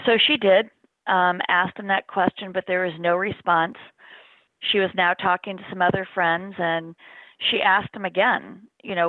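A woman's voice: fairly low pitch, fairly even intonation, measured pace, no room sound. A middle-aged woman telling a personal story as an interview guest, in an earnest, plain-spoken way. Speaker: interview guest, bereaved mother. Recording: dry, phone-like narrow sound.

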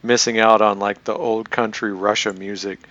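A man co-hosting a casual chat, animated and joking as he tells a story. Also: fairly low pitch, moderate pace, no room sound, lo-fi sound. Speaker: podcast co-host.

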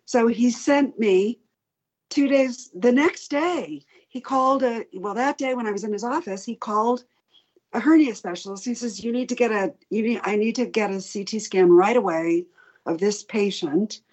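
A woman's voice: a little high, moderate pace. A middle-aged woman, a patient advocate, candidly retelling her story in an interview, acting out the doctors' lines as she goes. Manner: candid, animated retelling with quoted dialogue. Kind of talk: personal story told in an interview.

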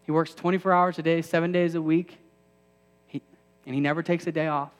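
A man's voice: on the high side, flat delivery, a little fast, clear, resonant tone, big-room sound. A man in his thirties preaching a sermon to a campus ministry, conversational with self-deprecating asides that build to emphatic peaks.

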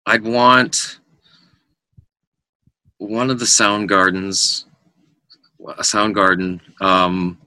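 A middle-aged man, a musician guest, telling lively anecdotes in casual chat and acting out the voices of people in them. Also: on the low side, very slow, long pauses, no echo. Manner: animated anecdotes with quoted voices.

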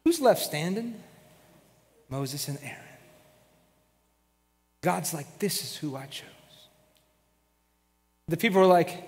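A man preaching a sermon as pastor, retelling a story with lively acted-out voices. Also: a little high, moderate pace, long pauses, long reverb tail. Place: church sanctuary.

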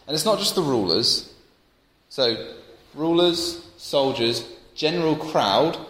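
Young preacher in a big echoey hall. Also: male voice, mid-range voice. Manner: storytelling, animated, builds to emphatic peaks. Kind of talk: sermon. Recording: roomy church hall with long reverb.

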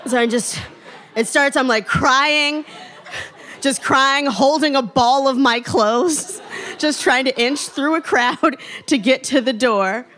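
A young woman tells a personal story in a lively, self-mocking way. She often laughs through her own lines as she builds the tale. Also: sits high, slow.

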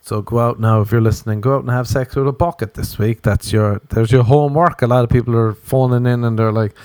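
A man's voice: medium pitch, brisk, few pauses, darkish tone, dry recording. An Irish man hosting a podcast, rambling through a profane comedic monologue that hops from tangent to tangent. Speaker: podcast host.

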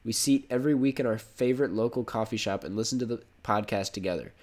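A man's voice: mid-range voice, quick pace, a little mellow. A young man with a cold hosting a casual podcast, rambling and correcting himself, laughing easily. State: has a cold. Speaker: podcast host.

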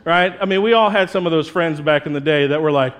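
A male pastor delivers a sermon in a lively, conversational way, swinging into playful quoted voices as he makes his point. His voice sits high for a man. He sounds like a young adult. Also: quick pace, clean tone. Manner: animated, conversational preaching with playful put-on quotes.

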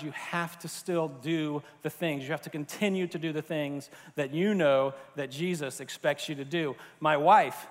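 A man's voice: a little high, steady tone, moderate pace, few pauses. A man from Florida preaching a sermon in a loose, conversational way, with fillers and restarts. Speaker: pastor. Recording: long hall reverb.

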